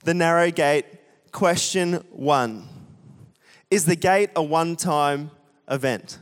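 A man's voice: fairly high pitch, unhurried. A young man preaching a sermon, chatty and self-deprecating, often asking the congregation questions. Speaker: pastor. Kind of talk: sermon with a storytelling aside. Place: church hall with a congregation. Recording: long hall reverb.

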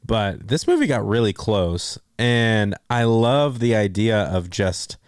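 A man co-hosting a podcast, chatting casually about movies and acting out quotes in an animated way. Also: on the low side, slow, clean tone, dry recording, studio quality. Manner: animated storyteller, acts out quotes. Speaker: podcast co-host. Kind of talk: casual movie review chat.

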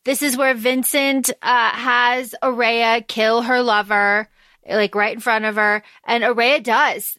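A woman co-hosting a podcast, chatting casually as she recaps a novel and quotes its characters in lively voices. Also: a little high, no room sound, studio quality. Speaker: podcast co-host. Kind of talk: casual book discussion.

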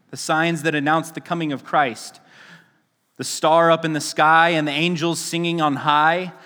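A male pastor gives a relaxed, chatty sermon, cracking jokes and stumbling over his own words. His voice sits at an ordinary pitch. It rings out with a long reverb through the church hall. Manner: chatty and joking, with frequent restarts and laughs. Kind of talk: casual sermon. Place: church sanctuary.

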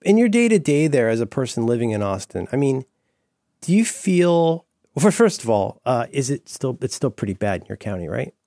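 A man's voice: mid-range voice, sing-song, a little fast, mellow, dry recording. A man with a mid-range voice jokes and rambles through a casual podcast chat. He shifts from silly bits to loose musing. The recording is close and dry. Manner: playful, jokey, rambling with fillers. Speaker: podcast co-host.

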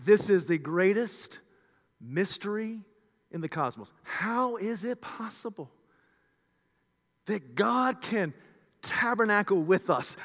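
A man preaching a sermon with passion, swinging from shouted peaks to hushed low passages. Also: animated, takes it slowly, long pauses, in a large hall.

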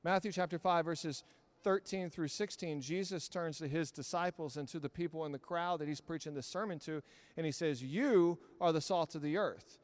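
High-voiced man preaching in a hall. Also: brisk. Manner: conversational, animated storytelling. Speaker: pastor. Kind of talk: sermon.

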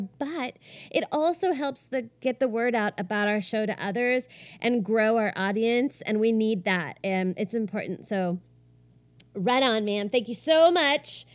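A woman co-hosting a podcast, chatting casually and reading listener reviews aloud in a bubbly, giggly way with many fillers. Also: fairly high pitch. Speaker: podcast co-host.

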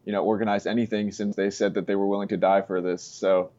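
A man with a fairly low voice talks politics in a loose, halting way, padding his sentences with fillers. The audio is dull and lo-fi, like a remote call. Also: flat delivery, mellow. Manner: halting, many fillers and "you know". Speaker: street interviewer guest. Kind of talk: casual political chat.

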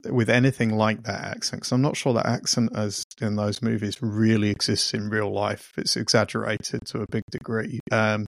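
A man with a gravelly, creaky voice at a middle pitch, co-hosting a podcast. He talks in easy, casual chat and slips in dry, teasing jokes. The sound is close and dry, with no room echo. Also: level tone, moderate pace, hardly any pauses. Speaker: podcast co-host.

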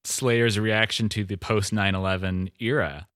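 A man co-hosting a podcast in casual chat, sardonic and quick to laugh. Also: fairly low pitch, steady tone, a bit bright, dry recording, studio quality. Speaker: podcast co-host.

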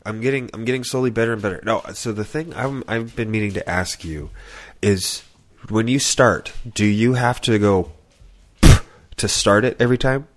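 A man with a fairly low voice, co-hosting a podcast in loose, casual chat. He is laid-back, laughs easily and thinks out loud as he goes. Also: normal speed. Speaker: podcast co-host.

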